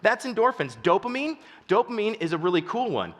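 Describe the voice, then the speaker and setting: A man telling stories in a keynote speech, goofy and animated, acting out the people in them. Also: sits high, a little fast, big-room sound. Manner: animated, goofy storyteller who acts out voices. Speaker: keynote speaker.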